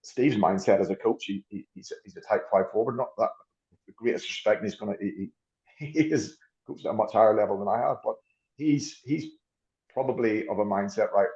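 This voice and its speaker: A rugby coach, appearing as a podcast guest, talks through ideas and often restarts and repeats words as he thinks. His fairly low voice is brisk, dark and fairly even in intonation, and the recording sounds muffled.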